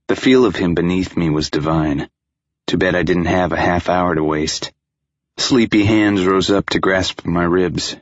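A man narrating a first-person audiobook in a steady, intimate storytelling manner. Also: low-pitched, unhurried, no echo, dull audio.

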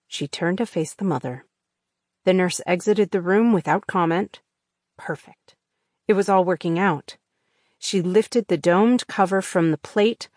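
A woman narrating an audiobook in a measured, tense suspense reading on a close studio mic. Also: fairly low pitch, darkish tone, no room sound. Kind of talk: scripted narration.

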